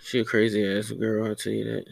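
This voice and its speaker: A man's voice: on the low side, monotone, a little fast, vocal fry, no room sound. A young man hosting a podcast, rambling casually and profanely, often stumbling over his words. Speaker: podcast host.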